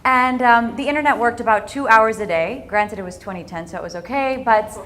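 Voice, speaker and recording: A woman in her thirties telling a story in a talk to an audience, in a lively way. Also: a little high, a little fast. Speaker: speaker at a business talk event.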